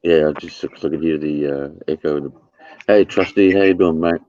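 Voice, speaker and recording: A man's voice: extremely low pitch, fairly quick, dark tone, dry recording, muffled recording. A man hosting a livestream, chatting casually, swearing and laughing often. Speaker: livestream host. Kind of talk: casual chat.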